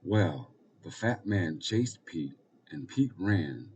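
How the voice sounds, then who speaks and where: A man narrating an audiobook in calm, even storytelling. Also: low-pitched, takes it slowly, distant mic, dull audio, a little hiss or hum. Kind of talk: scripted narration.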